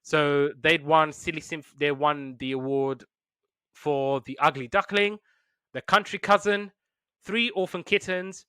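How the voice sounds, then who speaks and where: A man hosting a podcast in casual chat, retelling cartoons with lively put-on voices. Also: fairly high pitch, unhurried, clear, resonant tone, no room sound, studio quality. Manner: animated storytelling with put-on voices. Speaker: podcast host.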